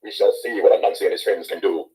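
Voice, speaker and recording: A man's voice: deep voice, steady tone, fast talker, a little mellow, lightly acted. A man voicing King Lion, a proud and mighty lion ruler in a storybook reading, roaring and scornful.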